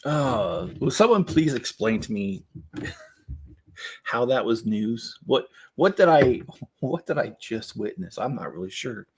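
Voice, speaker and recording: A man chatting casually on a livestream as he builds, in a voice of ordinary middle pitch. His talk rambles, full of ums and restarts, and he often breaks into laughter. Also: sing-song, a little slow, darkish tone, breathy edge. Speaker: livestream host building Lego.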